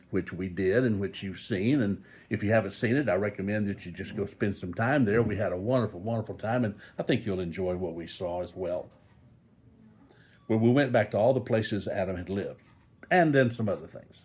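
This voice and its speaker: Older male vlogger, low husky voice, animated, folksy rambling from a hospital bed. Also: a little fast. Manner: rambling, folksy, joking asides. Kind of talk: casual talk to camera. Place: hospital room.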